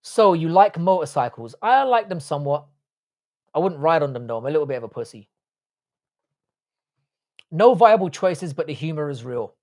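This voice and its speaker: He's a young English livestream host with an English accent who swears and speaks bluntly while reading what viewers write. The voice is on the high side and animated, at normal speed with a darkish tone and long pauses.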